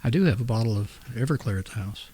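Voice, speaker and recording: A man co-hosting a casual chat over drinks, laid-back and halting as he explains things. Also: mid-range voice, animated, warm tone, slightly rough. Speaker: podcast co-host.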